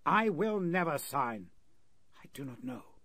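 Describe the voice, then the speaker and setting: A man voicing a starved, defiant male captive who answers slowly and firmly, in a 1930s radio drama. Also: mid-range voice, very animated, slightly rough, dry recording, pitched above the performer's own voice, full character voice. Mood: faint. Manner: slow, raised, defiant refusals.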